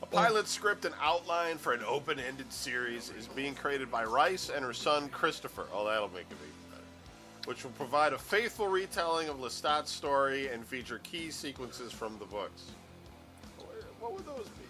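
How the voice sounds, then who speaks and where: A man's voice: medium pitch, big pitch swings, moderate pace, sharp tone, faint music behind. A man hosting a gaming news show, reading items aloud and adding sarcastic asides.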